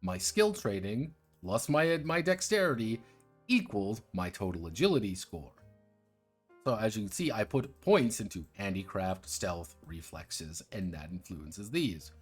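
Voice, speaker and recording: A man with a lowish, sing-song, slightly breathy voice talks a little slowly over soft background music. His casual livestream covers tabletop RPG reviews, delivered with irreverent sarcasm and plenty of swearing as he explains rule details to viewers.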